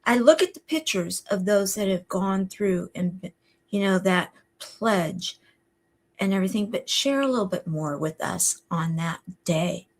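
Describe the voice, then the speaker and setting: A woman's voice: medium pitch, lively intonation, a little slow. A woman hosting a talk show, effusive and encouraging toward her guest. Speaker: host.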